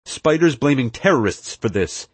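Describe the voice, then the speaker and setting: A man's voice: medium pitch, animated, normal speed, slightly rough, no room sound, pitched above the performer's own voice. A man voicing a cocky teenage boy villain who taunts his enemies. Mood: insistent.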